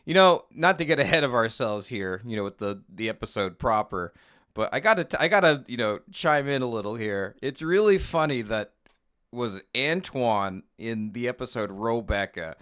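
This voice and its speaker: A male podcast co-host talking in a loose, rambling way, breaking into laughter and piling on asides. His pitch swings widely as he talks. The tone is bright and forward. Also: lively intonation, moderate pace, clear, resonant tone. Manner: rambling, laughs often, interjects. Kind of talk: casual chat reviewing a cartoon.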